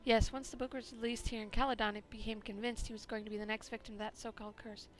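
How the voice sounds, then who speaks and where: A woman's voice: fairly high pitch, level tone, fast, a little hiss or hum, close to an everyday voice. Woman reading as a prim grieving widow. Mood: mournful. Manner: formal, prim. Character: proper grieving widow, stern and unsuperstitious.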